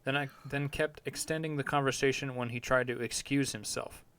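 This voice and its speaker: A man's voice: medium pitch, steady tone, brisk, a bit bright, smooth. A man hosting a podcast, rambling crudely and laughing at his own jokes in a casual comedic rant. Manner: rambling, profane, self-amused. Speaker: podcast host.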